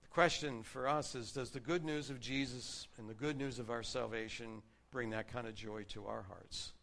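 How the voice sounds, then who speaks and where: A man preaching a sermon, earnestly reading and explaining scripture, varying his loudness for emphasis. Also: medium pitch, steady tone, normal speed, creaky.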